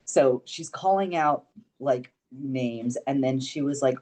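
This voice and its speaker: A young man, a podcast guest, telling stories in casual chat, animated and swearing freely. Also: medium pitch, normal speed. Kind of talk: casual storytelling.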